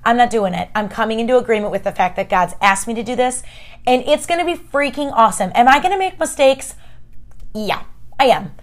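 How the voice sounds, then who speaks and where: A woman's voice: on the high side, animated, brisk. A woman hosting a casual, encouraging faith talk, chatty and emphatic, speaking straight to her listeners as friends. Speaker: podcast host.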